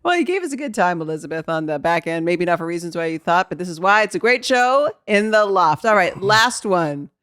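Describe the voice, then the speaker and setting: A woman's voice: lowish voice, sing-song, fairly quick, few pauses, fairly bright tone, clean tone, dry recording. A woman co-hosting a casual chat podcast, chatty and teasing, laughing often. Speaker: podcast co-host.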